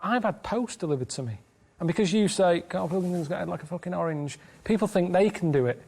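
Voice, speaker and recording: A man in his late thirties chatting casually in a deadpan, plain-spoken, complaining way. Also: sits high, quick pace, gravelly, husky. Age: 30s. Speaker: show's travelling guest. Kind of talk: casual chat with banter.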